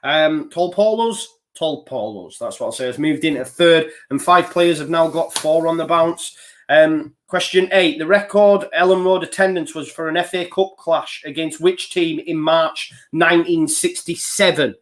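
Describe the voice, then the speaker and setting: A man runs a live quiz and chats easily between questions. He lists the answer options in a steady rhythm and laughs off his own slips. His voice sits a little high for a man. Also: normal speed. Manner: chatty, reads answer options in a steady list; loose and self-deprecating, with small slips. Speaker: quiz host. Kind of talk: live online quiz hosting.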